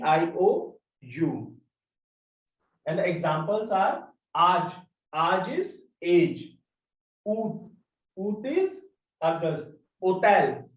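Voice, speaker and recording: A language teacher, slowly repeating examples and word pairs in a lesson. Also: mid-range voice, darkish tone. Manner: slow, repetitive drilling of examples. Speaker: French teacher. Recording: roomy echo, mic far off.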